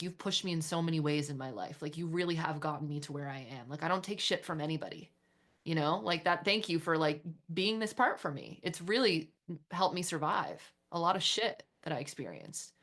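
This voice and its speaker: A woman co-hosting a parenting podcast, talking candidly and bluntly, swearing freely in animated chat. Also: deep voice, fairly quick. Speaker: podcast co-host.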